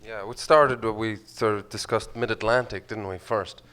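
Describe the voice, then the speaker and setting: A man with an Irish accent, the lead actor on a festival panel, talking in a relaxed, casual way. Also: fairly low pitch, moderate pace. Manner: relaxed, casual, with loose fillers. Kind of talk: panel discussion answers. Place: film festival panel stage.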